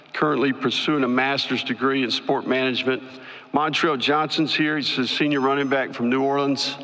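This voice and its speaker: A man who is a college football head coach giving a measured opening statement at a press conference. He lists his points one by one, with a few "you know" fillers. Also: mid-range voice, sharp tone. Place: large conference hall at a media event. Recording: long hall reverb.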